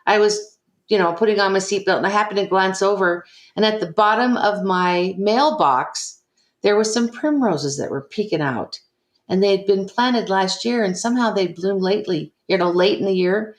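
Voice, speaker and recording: A mid-range, moderately paced voice belongs to an older woman giving an interview. She earnestly recounts something that happened to her, quoting dialogue and acting out the characters with feeling. Echo fills the room.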